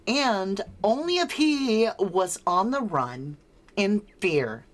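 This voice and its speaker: Slow-talking American woman hosting a livestream. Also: medium pitch, animated. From United States. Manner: reads viewer comments aloud and answers them, chuckling often. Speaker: true crime livestream host. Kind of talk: casual livestream chat.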